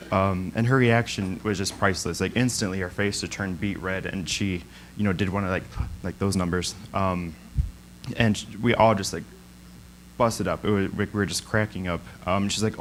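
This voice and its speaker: A man's voice: deep voice, steady tone, moderate pace, a little hiss or hum, poor audio. A young man speaking as a guest at a church, telling a story in an informal sermon, with lots of ums and frequent laughs. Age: young adult. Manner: chatty, many ums, laughs often.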